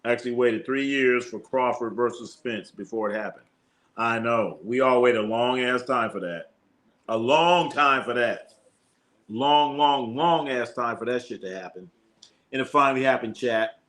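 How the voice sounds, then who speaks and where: A man runs a live sports stream, reading viewer comments and riffing on them with loose, profane humor. He talks at normal speed in a mid-range, slightly bright voice.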